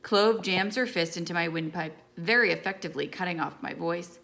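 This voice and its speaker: Woman reading a novel out loud, lowish voice, bit of vocal fry. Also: fairly quick. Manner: steady first-person storytelling. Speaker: audiobook reader.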